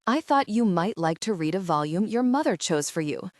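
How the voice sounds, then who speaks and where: A woman's voice: medium pitch, lively intonation, moderate pace, no echo, clean studio sound, lightly acted. A woman voicing a curt, formal old male librarian in an audiobook.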